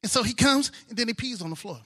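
A married man preaching a sermon, excitable, swinging from soft asides to loud exclamations. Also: very high-pitched, fast talker. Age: adult, married with children.

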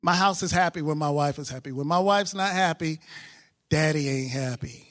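A married man preaching a sermon, excitable, swinging from soft asides to loud exclamations. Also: a little high, normal speed. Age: adult, married with children.

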